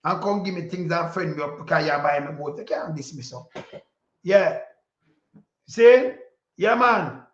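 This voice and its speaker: A Jamaican man giving impassioned political commentary in patois, preachy and repetitive, sometimes breaking into a shout. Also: a little high, lively intonation, measured pace, pauses often. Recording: roomy, dull lo-fi sound.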